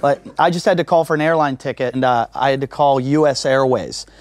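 A man doing a stand-up comedy set, animated and self-mocking, with punchy delivery. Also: mid-range voice, a little fast, no echo. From Pittsburgh. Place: comedy club stage.

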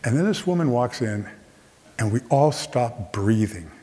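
Speaking at an unhurried pace and medium pitch, a man shares a funny personal anecdote in a theater. He animatedly voices the other people in the story, and the room adds a long reverb.

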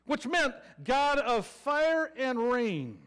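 A man's voice: very high voice, sing-song, slow pace, fairly bright tone, clear, resonant tone. A man with a Southern American accent preaching a sermon, telling a story with playful sarcasm and acting out the people in it. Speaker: pastor.

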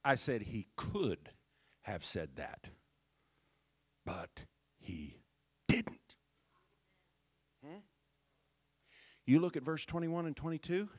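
Slow, dry-voiced man preaching. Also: medium pitch, lively intonation, dry recording. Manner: conversational preaching with rising shouted climax. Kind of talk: sermon. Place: church.

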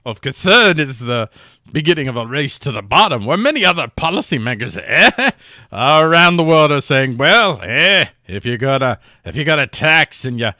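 A man's voice: a little high, very animated, dark tone, no room sound, clean studio sound, heavily acted. A man putting on a snooty, pompous mock-British voice to read out an official statement. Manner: pompous, drawn-out reading.

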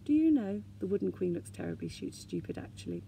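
A woman reading aloud, voicing a gentle young male troll in an earnest, slightly raised voice. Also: on the low side, huge pitch swings, fairly quick, gravelly, far from the mic, a little hiss or hum, exaggerated voice, rough recording.

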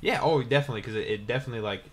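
A man's voice: mid-range voice, rapid-fire. A man co-hosting a casual gaming chat while playing, laid-back and slangy, swearing casually. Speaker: co-host of a game challenge series.

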